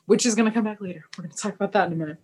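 A woman's voice: racing, breathy edge. A young woman co-hosting a podcast, casually recapping a TV episode and acting out the characters' lines. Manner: animated, acts out characters' lines with big pitch jumps. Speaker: podcast co-host.

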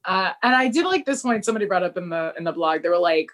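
Animated woman recapping a show. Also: fast. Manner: animated, acts out characters' lines with big pitch jumps. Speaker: podcast co-host. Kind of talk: casual chat recapping a TV episode.

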